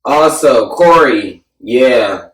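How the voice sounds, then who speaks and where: A man hosting a casual, profane podcast chat, joking and animated as he recaps events. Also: medium pitch, extremely slow. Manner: animated, joking, mimics people loudly. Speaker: podcast host. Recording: roomy sound, mic at a distance.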